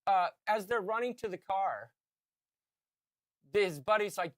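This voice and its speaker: A man in his fifties co-hosting a podcast, telling a story in casual chat and shouting out the lines he quotes. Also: high voice, a little slow, dry recording, studio quality. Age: 50s. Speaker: podcast co-host.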